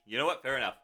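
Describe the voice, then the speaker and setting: A man's voice: mid-range voice, sharp tone. A man hosting a casual livestream chat, rambling and giggly and often correcting himself. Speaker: streamer host.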